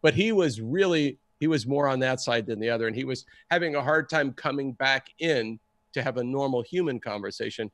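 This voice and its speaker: Guy telling a wild story, animated and excitable, acts out the voices, middle pitch, dry close sound. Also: fairly quick, dry recording. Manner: animated, acts out the people he quotes. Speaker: guest storyteller. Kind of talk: casual storytelling.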